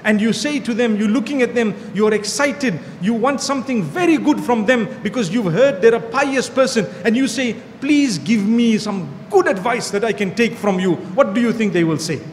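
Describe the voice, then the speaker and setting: High-voiced preacher in a reverberant hall. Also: male voice, a little hiss or hum. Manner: animated, repeats key phrases for emphasis. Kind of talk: sermon. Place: hall with an audience.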